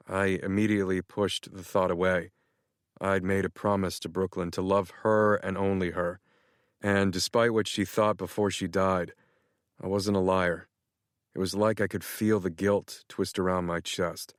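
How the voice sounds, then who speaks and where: A male audiobook narrator with a fairly low voice, reading in the first person at a measured, even pace. He sits close to the mic. The sound is dry and free of any room echo.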